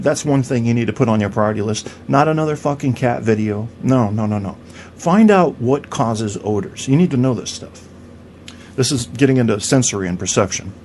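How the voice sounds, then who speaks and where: A man's voice: medium pitch, darkish tone, slight background noise. A man hosting a podcast in a crude, rambling comedic rant, swearing and stammering through restarts. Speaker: podcast host.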